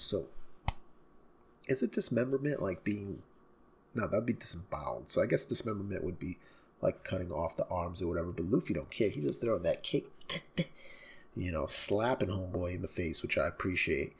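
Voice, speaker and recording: A man hosting a live manga reading reaction, animated and slangy, laughing often. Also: sits low, moderate pace, vocal fry, husky.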